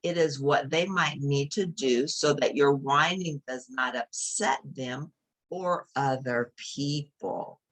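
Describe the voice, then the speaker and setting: A woman reading a children's picture book aloud, gently explaining each page to young listeners. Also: rumbling low, slow pace.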